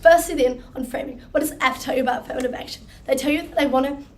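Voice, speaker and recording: Hoarse, fast-talking teen girl debater. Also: high-pitched, slight background noise. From New Zealand. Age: teens. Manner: quick, punchy and wry. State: hoarse, losing her voice. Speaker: school debater. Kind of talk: competitive debate speech. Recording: distant room mic.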